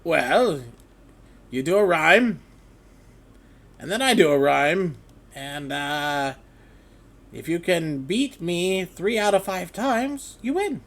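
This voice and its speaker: A man's voice: fairly high pitch, takes it slowly, long pauses, fairly bright tone. A man running a tabletop game as dungeon master, laughing and stammering as he narrates.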